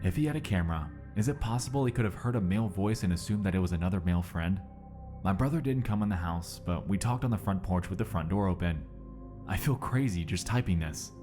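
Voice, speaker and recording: A man with a low, deep voice narrates a story at a steady, measured pace. A clear music bed plays underneath him throughout. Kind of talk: read-aloud story narration.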